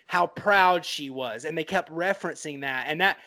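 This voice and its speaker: A man's voice: on the high side, normal speed, pushed and bright. A man co-hosting a casual film podcast, rambling with lots of "like" and restarts, and swearing now and then. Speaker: podcast co-host.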